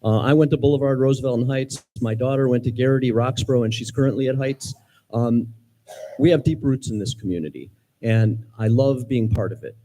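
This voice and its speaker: A middle-aged man from Ohio speaking as a mayoral candidate, sincere but halting, with many ums and restarts. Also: medium pitch, mellow, low-quality recording. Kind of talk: campaign speech at forum.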